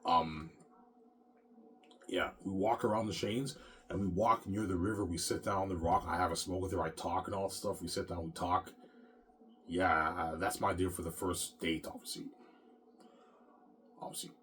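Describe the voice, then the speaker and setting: Low-voiced rambling man. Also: steady tone, normal speed, long pauses, a bit bright, slight background noise. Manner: rambling, repetitive, tags lines with "man" and "obviously". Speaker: vlogger. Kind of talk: casual rambling monologue.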